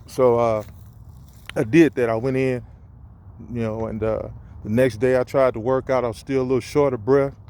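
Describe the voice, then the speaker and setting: A man telling his own story in a casual vlog, animated, acting out the voices he quotes. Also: medium pitch, normal speed. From St. Louis area, USA. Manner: animated, acts out quoted voices, restarts and fillers. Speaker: vlogger sharing his story. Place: outdoors on a campus walk.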